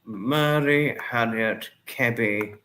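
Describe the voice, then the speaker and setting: A man hosts a casual livestream and reads out viewer comments. He greets each person by name and thanks them at length. His voice sits at an ordinary middle pitch. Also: extremely slow, a bit bright, a little hiss or hum. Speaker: livestream host.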